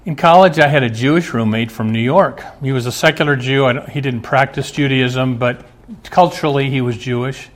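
A man's voice: medium pitch, brisk. A middle-aged male pastor preaching a sermon, earnest, asking the congregation rhetorical questions.

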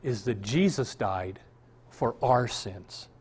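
A man's voice: medium pitch, expressive, slow pace, a little mellow, a little hiss or hum. A male pastor, preaching a sermon that moves from storytelling to emphatic outbursts.

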